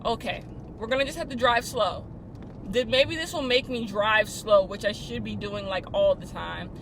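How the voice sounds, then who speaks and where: A woman's voice: on the high side, normal speed. A young woman vlogging from her car on a dashboard camera, talking in a dramatic, mock-tearful way. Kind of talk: casual car vlog. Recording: faint car noise. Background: car noise.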